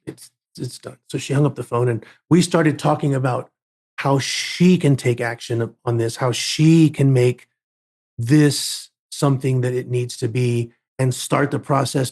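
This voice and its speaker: A man's voice: fairly high pitch, a little mellow. A man who is a guest on a podcast interview, telling a story in an emphatic way and often repeating words as he builds up a point.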